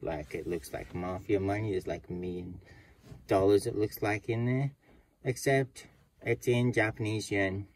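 A man's voice: fairly low pitch, fairly even intonation, measured pace, slight background noise, poor audio. A man with an Australian accent telling a joke as a casual, rambling yarn. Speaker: joke teller.

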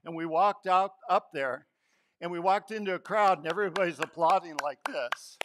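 A man preaching a Palm Sunday sermon in church, telling stories and acting out quotes, sometimes dropping to a hushed voice. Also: high voice, moderate pace, slight background noise. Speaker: pastor.

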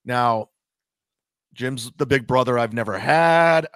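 A man's voice: medium pitch, slow, a bit bright, no room sound. A man in a played clip, talking casually in an aggrieved, insistent way. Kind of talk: complaining casual talk.

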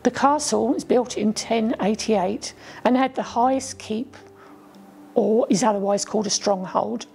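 A woman reading her own children's story aloud as a storyteller, gently voicing the children's lines. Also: fairly high pitch, vocal fry, slight background noise. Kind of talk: storybook narration.

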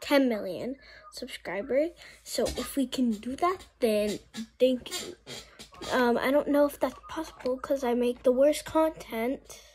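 Slow, rambling woman doing her makeup. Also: sits high, darkish tone, poor audio. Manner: rambling, self-mocking, trailing off. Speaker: makeup vlogger. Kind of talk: casual makeup tutorial chat.

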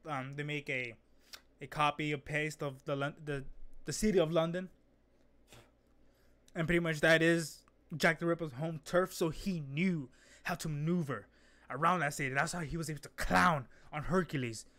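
A young man hosting a casual reaction video, excitable and rambling, trailing off and restarting his thoughts. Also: fairly high pitch, moderate pace.

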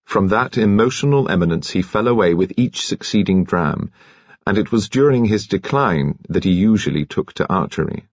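Deep, husky male audiobook narrator. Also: no room sound, lo-fi sound. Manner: measured, expressive storytelling.

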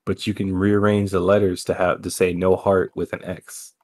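A man's voice: low voice, little pitch movement, normal speed, darkish tone. A man hosting a casual gaming podcast, joking around and repeating lines for laughs. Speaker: podcast host. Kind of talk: casual chat.

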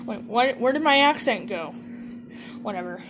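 A woman's voice: a little high, animated, normal speed, over music, lightly acted. A woman voicing a smug, scheming male villain in an amateur comedy sketch, talking in an offhand, careless way.

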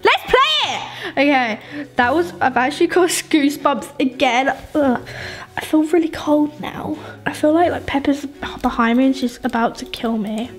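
A young woman giving excitable gaming commentary, shrieking and pleading with characters on screen. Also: high voice, normal speed. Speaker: gaming YouTuber. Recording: game music behind voice. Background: music.

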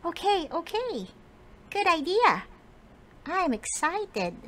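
A woman voicing Jojo, a sweet, excitable young child in a kids' story video, with a high, eager voice. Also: slow, a little hiss or hum, heavily acted.

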